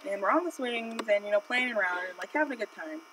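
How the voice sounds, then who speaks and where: A woman's voice: medium pitch, lively intonation, fast talker, far from the mic, background noise. A woman streaming while she draws, telling a personal story in a rambling, chatty way with lots of fillers. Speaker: art streamer. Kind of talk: casual live-stream storytelling.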